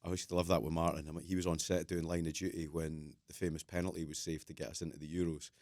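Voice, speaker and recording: A man's voice: rumbling low, little pitch movement, fast talker, a little mellow, no room sound, studio quality. A man hosting a football podcast, asking friendly questions with enthusiasm. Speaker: podcast host. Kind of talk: casual interview.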